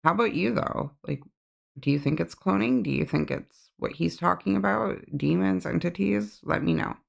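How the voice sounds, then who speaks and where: A man's voice: high-pitched, normal speed, vocal fry. A man giving a rambling, casual reaction with lots of filler words.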